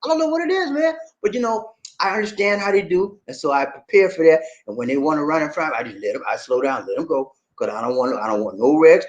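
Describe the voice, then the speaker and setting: A man hosting a casual livestream, reading out viewer comments and chatting back in an animated, drawling way, often tossing in "man". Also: a little high, fast, few pauses, lo-fi sound. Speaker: vlogger reading live chat.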